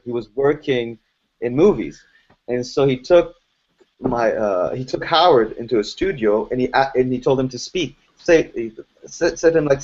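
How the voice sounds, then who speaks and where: A man telling animated stories in a relaxed interview, his faint foreign accent hard to pin down. His voice sits at an ordinary middle pitch. The recording is dull and lo-fi, like an online podcast. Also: moderate pace. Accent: faint foreign accent, hard to place. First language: French or Arabic. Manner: animated storyteller, laughs often. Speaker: voice actor guest. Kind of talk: casual interview chat.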